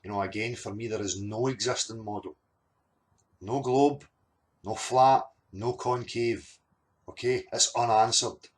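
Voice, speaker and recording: A man's voice: fairly low pitch, fairly even intonation, a little slow. A man, hosting a monologue and arguing his point emphatically, with many fillers and repeated words. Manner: argumentative, repetitive fillers, emphatic. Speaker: channel host. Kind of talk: monologue reacting to clips.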